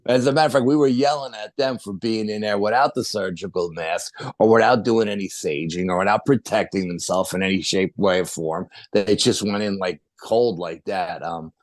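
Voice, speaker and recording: Here the middle-aged guest, a paranormal investigator, rambles through a ghost-hunting story with plenty of fillers and false starts. He speaks at a moderate pace in a lowish voice, barely pausing, with no room sound.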